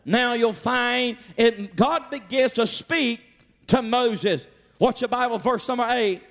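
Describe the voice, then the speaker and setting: A man preaching a Sunday sermon, emphatic, rising to shouts and calling out to his congregation. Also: very high voice, slow pace, creaky. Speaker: pastor.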